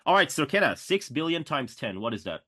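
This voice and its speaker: A man's voice: a little high, sing-song, brisk, bright, forceful tone, slightly rough. A man co-hosting a casual political podcast, quizzing his guests and ranting with exasperated profanity. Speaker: podcast co-host.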